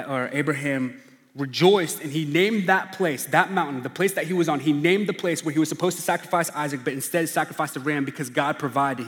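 A man delivers a sermon with an earnest preaching manner, sinking to hushed, low emphasis on key points. His voice sits at an ordinary middle pitch. The room rings with a long, lingering reverb. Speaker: pastor.

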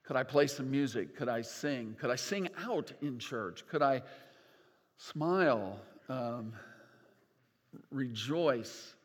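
An older man preaching a sermon as pastor, animated and folksy with gentle humor. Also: medium pitch, slow, husky. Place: church sanctuary. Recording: long church reverb.

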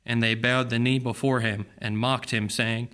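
A man reading a gospel passage aloud in church in a steady, plain way. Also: medium pitch, moderate pace, clean tone. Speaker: scripture reader.

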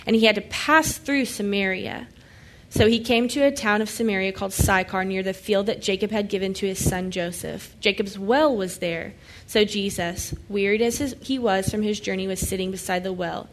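A woman's voice: mid-range voice, moderate pace. Woman teaching a Bible passage casually. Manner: conversational, paraphrases scripture in lively everyday voices. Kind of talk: Bible teaching, reading and explaining scripture.

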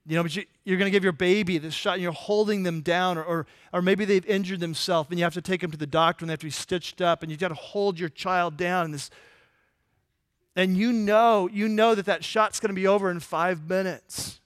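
A male pastor preaching a conversational sermon, asking the congregation rhetorical questions and dropping to a soft, low voice in tender moments. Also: fairly even intonation, a little fast, dry recording, clean studio sound.

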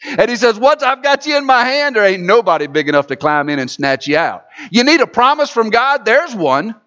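High-voiced preaching man, dull recording. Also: very animated, brisk. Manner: preaching with swings from loud to hushed. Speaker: pastor. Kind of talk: sermon.

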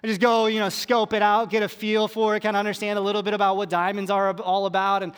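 High-voiced pastor in a reverberant hall. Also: male voice, little pitch movement, fast, smooth. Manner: conversational, self-deprecating humor. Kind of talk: sermon storytelling.

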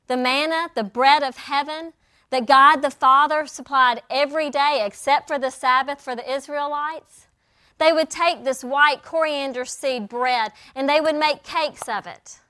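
A woman teaching a Bible lesson, acting out the quoted lines with lively storytelling. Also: high voice, measured pace. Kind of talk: sermon.

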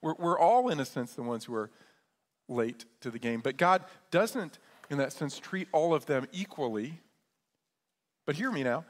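A man's voice: fairly high pitch, animated, normal speed. A man, a pastor, preaching a sermon in a conversational way, often checking in with his listeners. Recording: long church reverb.

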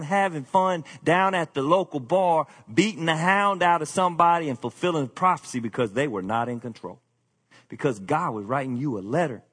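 A man's voice: a little high, a bit bright. A man preaching a sermon, with rising emphasis and casual asides to the congregation. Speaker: pastor.

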